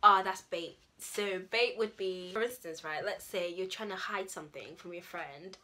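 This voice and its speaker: A fairly low, fairly bright voice at normal speed belongs to a young British woman who vlogs about language. She chats casually to the camera about slang, leaning on fillers and performing example phrases.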